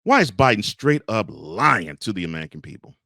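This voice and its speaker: A man co-hosting a casual podcast, reading headlines and tossing in sarcastic remarks. His fairly low voice swings up and down with lively, animated intonation. The sound is dry and close, with no room echo. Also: fairly quick, creaky. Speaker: podcast co-host. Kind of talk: casual political chat, reading news.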